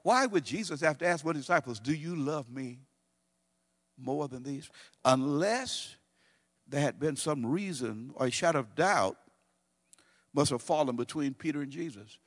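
A man preaching a sermon, swinging between loud bursts and hushed, slowed-down quotations. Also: on the high side, expressive, long reverb tail. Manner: preaching with dramatic swings of volume and pace, drawn-out quotes.

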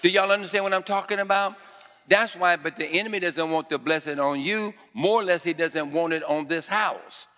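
Pastor, male, call-and-response preacher with a bright, ringing, fairly high voice, recorded in a church hall with long reverb. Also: normal speed. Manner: call-and-response preaching, repeats phrases and quizzes the congregation; fervent declarations in a raised voice. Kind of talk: sermon. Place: church sanctuary before a congregation.

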